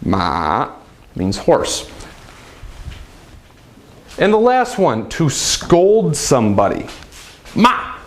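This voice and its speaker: A man with a slightly high voice gives a casual video lesson. He keeps it upbeat and chatty, talking straight to the viewer like a friendly teacher. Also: huge pitch swings, takes it slowly, long pauses, darkish tone. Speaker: language teacher.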